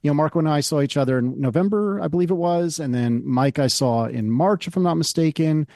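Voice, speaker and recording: A man's voice: on the high side, brisk, mellow, no echo, clean studio sound. A man co-hosting a podcast in casual chat, wry and rambling with plenty of asides. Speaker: podcast co-host.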